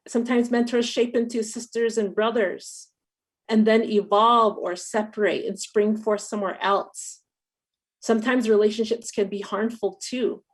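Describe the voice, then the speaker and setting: Reflective woman speaking on a webinar. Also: mid-range voice. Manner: reflective, thoughtful. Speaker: panelist. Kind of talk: webinar panel talk.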